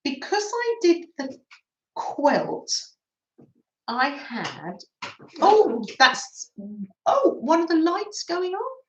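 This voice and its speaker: English lady chatting slow while she crafts on a live stream, bouncy voice, echoey room. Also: very high voice, wildly swooping pitch, dull audio. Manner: chatty, laughs often, greets viewers by name. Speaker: craft livestream host. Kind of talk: casual chat while crafting. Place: home room.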